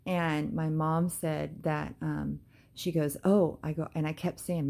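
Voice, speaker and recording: Christian vlogger, woman, low voice, loose devotional storytelling full of fillers. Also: little pitch movement, unhurried, creaky, warm tone. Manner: casual, hesitant, with many ums and praise exclamations.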